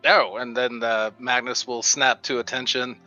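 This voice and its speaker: A man's voice: medium pitch, little pitch movement, moderate pace, sharp tone, muffled recording, faint music behind. A man playing a tabletop game, easygoing and politely formal in character. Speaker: player. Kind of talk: in-character play and narration.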